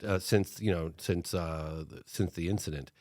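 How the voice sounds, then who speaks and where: A middle-aged man, a documentary filmmaker and podcast guest, telling a long story in lively conversation and slipping into other people's voices when he quotes them. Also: low-pitched, moderate pace, no room sound, clean studio sound. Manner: acts out other people's lines in changed voices.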